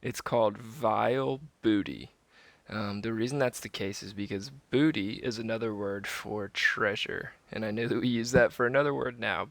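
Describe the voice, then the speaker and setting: A man's voice: on the low side, vocal fry. A man teaching a lesson and reading a storybook aloud, explaining patiently. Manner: patient, explanatory, lively intonation.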